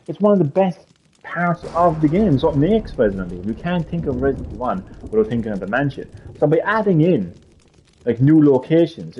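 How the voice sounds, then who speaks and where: A man with a husky, fairly high voice rants on his live stream, swearing often and stressing each point again and again. His pitch leaps around as he argues. The audio is dull and lo-fi. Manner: swears a lot, emphatic and repetitive. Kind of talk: heated gaming rant.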